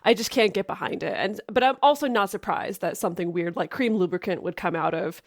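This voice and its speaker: A woman's voice: mid-range voice, a little fast, no room sound, clean studio sound. A woman co-hosting a podcast, reading ads in a playful, teasing way. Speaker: podcast co-host. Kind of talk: casual podcast chat with ad reads.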